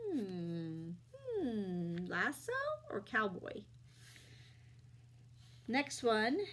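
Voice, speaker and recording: A woman teaching young children phonics, slowly sounding out letters and vowel sounds with patient encouragement. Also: mid-range voice, a little hiss or hum.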